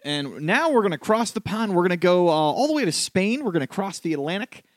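A man's voice: sits high, very animated, fairly quick, no echo, studio quality. A man hosting a casual podcast, talking in a loose, jokey way with many fillers. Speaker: podcast host.

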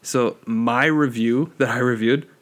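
A man's voice: medium pitch, steady tone, measured pace, fairly bright tone. A man in his twenties co-hosting a podcast, chatting casually, swearing freely and mocking other people's speech. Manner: swears freely, mocks accents in put-on voices. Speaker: podcast co-host. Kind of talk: casual chat.

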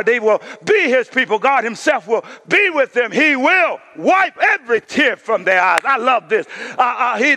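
A middle-aged male pastor preaching a sermon, calling on the congregation to answer back, swinging between shouted climaxes and hushed passages. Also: very high voice, long reverb tail.

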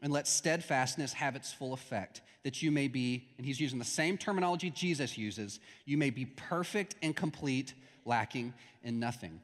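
A man's voice: medium pitch, normal speed, few pauses. A man preaching a conversational sermon to his congregation, building to emphatic points. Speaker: pastor. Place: church hall. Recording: long reverb of a church hall.

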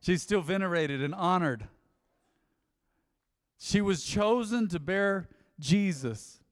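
A man preaching a sermon as pastor, telling stories with lively swings between loud and soft delivery. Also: sits high, slow pace, big-room sound.

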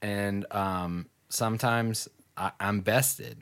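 A man's voice: on the low side, steady tone, takes it slowly, a bit bright, clear, resonant tone. A man in casual conversation who argues heatedly, swears freely and fills his speech with "like". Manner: heated, swears, many "like" fillers. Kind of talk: casual chat.

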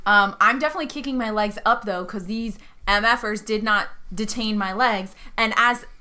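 Bright, emphatic woman player. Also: mid-range voice, moderate pace. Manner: emphatic, animated. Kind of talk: tabletop role-play.

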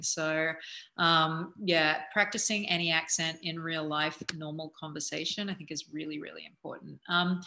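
An Australian woman, an actor, chatting casually about acting tips with lots of fillers and animated asides. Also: fairly low pitch. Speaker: actor giving acting advice.

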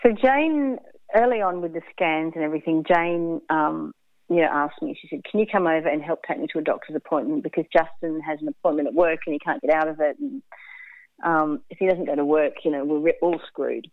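A woman's voice: sits low, a little fast, dry recording. Woman on a tinny phone-like line. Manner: candid, laughs often, acts out quoted speech. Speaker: guest. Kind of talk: casual storytelling interview.

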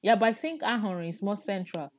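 A woman's voice: mid-range voice, animated, fast talker. A woman, teaching in a casual language lesson and patiently repeating words for the learner.

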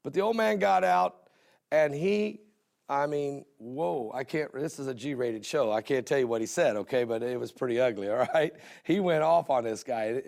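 A man's voice: medium pitch, moderate pace, creaky, a little mellow. A middle-aged man hosting a Christian television broadcast, telling folksy stories in a sermon style and repeating phrases for emphasis.

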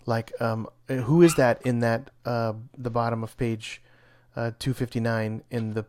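Excitable man in casual comic chat. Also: mid-range voice, a little slow, a little hiss or hum. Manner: enthusiastic, reacts with shock. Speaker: comic book podcast co-host.

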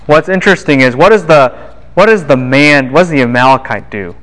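A man giving a university Bible lecture, lively and quizzing the class with quick asides. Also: fairly high pitch, rough recording.

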